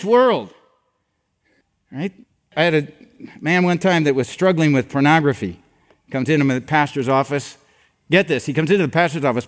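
An older man preaching a sermon as a pastor, telling stories and acting out the dialogue with animation. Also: a little high. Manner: animated storytelling that acts out dialogue. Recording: long reverb of a large hall.

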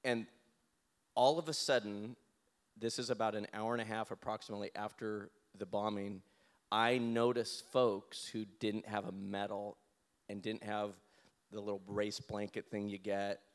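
Speaking in a lowish voice at a moderate pace, a male interview guest animatedly tells a personal story. He laughs along the way and acts out what he said.

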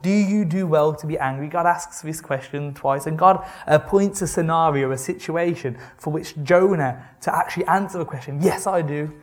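A man giving a conversational sermon, reading scripture and retelling it with wry, animated asides. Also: fairly high pitch, normal speed, few pauses. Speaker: preacher.

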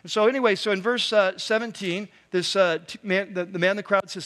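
Male pastor, high voice, casual talky sermon delivery. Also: fairly even intonation, fairly quick, few pauses, a bit bright. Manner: conversational preaching with many asides and "right?".

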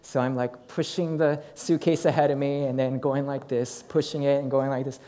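Middle-aged guy preaching, telling a story all animated, kinda mellow dark voice. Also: medium pitch, moderate pace. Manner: animated storytelling with acted quotes. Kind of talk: sermon storytelling.

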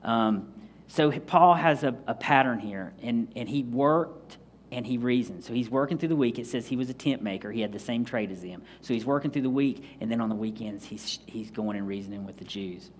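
Man preaching, casual Bible study talk, acts out little scenes, mid pitch. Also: a little hiss or hum. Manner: conversational, acts out scenes with quick asides. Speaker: pastor. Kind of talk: Bible teaching sermon.

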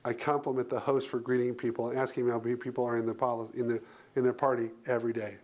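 Man, HR leader, panel guest; mid-pitched, punchy and emphatic. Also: darkish tone. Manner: emphatic, punchy short phrases with repetition.

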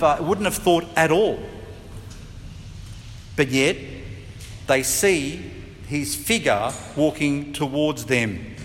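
A man preaching a sermon as pastor, chatty and lively, now and then acting out voices with a laugh. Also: fairly high pitch, long reverb tail, a little hiss or hum. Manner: conversational, acts out voices and laughs.

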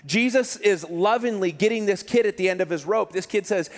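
High-voiced impassioned male pastor. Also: a little fast, hardly any pauses. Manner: impassioned, repeats words in rising emphasis. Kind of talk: sermon. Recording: long hall reverb.

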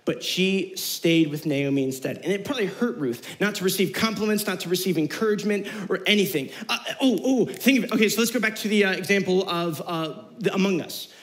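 A young man preaching to youth in an easygoing, slangy way. His voice sits high, and he acts out the people in the story as he tells it. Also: fairly quick, hardly any pauses, poor audio. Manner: casual slangy, animated retellings with quoted voices. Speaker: youth pastor. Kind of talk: youth sermon.

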